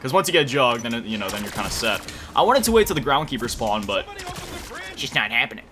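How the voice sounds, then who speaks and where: This young Floridian's medium-pitched voice is sing-song and quick as he rambles casually over his gameplay, swearing here and there. He's a gaming commentator, with loud music under his voice plus game music, gunfire, and background noise.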